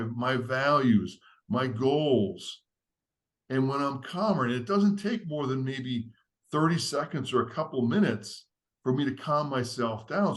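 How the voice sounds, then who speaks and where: A man, a podcast guest, earnestly walking through a step-by-step framework in a teacherly, structured way. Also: medium pitch. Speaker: podcast guest, leadership author. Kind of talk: explaining a framework in conversation.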